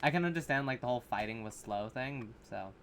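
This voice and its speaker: A man's voice: medium pitch, expressive, fairly quick, a bit bright, slight background noise. Man rambling through a horror review. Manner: rambling, filler-heavy, swearing, sarcastic. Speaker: horror reaction vlogger. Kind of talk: casual rambling commentary. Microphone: camera mic.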